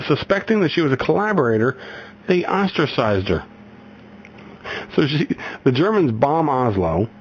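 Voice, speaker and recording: Medium-pitched and slightly rough, this man hosts a radio show, chatting casually and rambling through a news story with many restarts, self-corrections, and chuckles. He is recovering from a migraine. The recording is a slightly dull radio capture with faint noise in the background.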